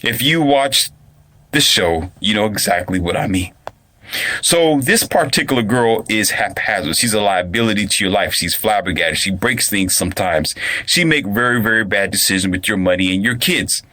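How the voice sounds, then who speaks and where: A man's voice: fairly low pitch, lively intonation, normal speed, bright, forceful tone. A man delivering an emphatic, repetitive ranting monologue as a commentator. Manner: emphatic, repetitive, restarts phrases.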